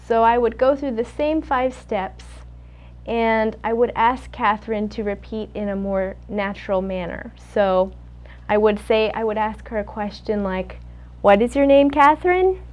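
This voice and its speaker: A woman's voice: medium pitch, fairly even intonation. A young woman acting as a student speech clinician. She demonstrates a therapy session, coaching patiently and praising each try. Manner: patient, coaching, gives quick bright praise.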